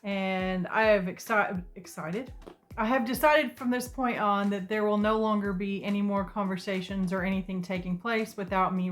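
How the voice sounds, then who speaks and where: A woman telling a storytime vlog from her sister's couch, talking casually with exasperated, sarcastic asides. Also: medium pitch. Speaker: vlogger. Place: sister's living room couch.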